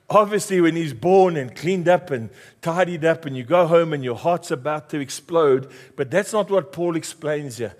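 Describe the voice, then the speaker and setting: A man's voice: a little high, normal speed, few pauses, darkish tone. A middle-aged South African man, a pastor, preaching a passionate sermon with emphatic repetition.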